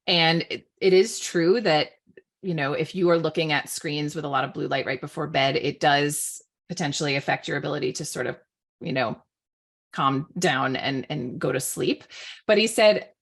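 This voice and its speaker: A woman's voice: sits low, normal speed, creaky. A middle-aged woman, a parenting author, talking casually with lots of "like" and "you know" fillers. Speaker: author and guest expert on parenting. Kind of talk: casual online panel talk.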